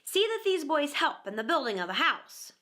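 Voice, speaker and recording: A woman voicing an eager, bossy boy leader in a storybook reading, giving brisk commanding orders. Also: high voice, sing-song, sharp tone, pitched above the performer's own voice, exaggerated voice.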